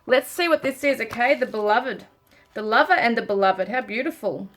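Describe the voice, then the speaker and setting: A woman doing a pick-a-card tarot reading, gently reading card messages aloud and commenting on them. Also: fairly high pitch, moderate pace, faint music behind. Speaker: tarot reader.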